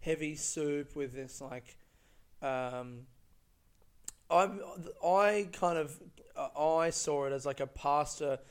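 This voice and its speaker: Rambling, swearing man with a smooth voice. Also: a little high, takes it slowly. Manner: rambling and profane, many fillers and restarts. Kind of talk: casual storytelling monologue.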